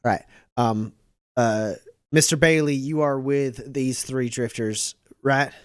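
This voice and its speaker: A man's voice: medium pitch, slow pace, clear, resonant tone, dry recording, studio quality, close to an everyday voice. A man playing a blunt, commanding small-town sheriff in a tabletop game, giving clipped orders.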